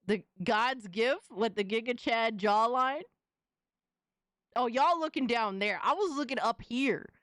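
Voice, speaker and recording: A woman's voice: fairly high pitch, a little slow, fairly bright tone, no room sound, studio quality. A young woman streamer reacting casually to fan images, slangy and exclamatory, often laughing.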